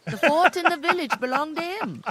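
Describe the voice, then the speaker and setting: A woman's voice: high voice, lively intonation, moderate pace, fairly bright tone. A woman voicing a blunt, gossipy tavern keeper in a video game, her accent drifting between regions as she talks. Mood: chatty.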